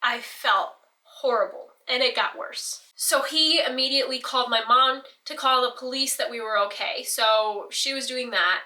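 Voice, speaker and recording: Bright-voiced teen girl telling a story. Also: on the high side, normal speed, distant mic. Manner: rambling, self-deprecating, laughs often. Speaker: vlogger. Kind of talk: casual storytelling.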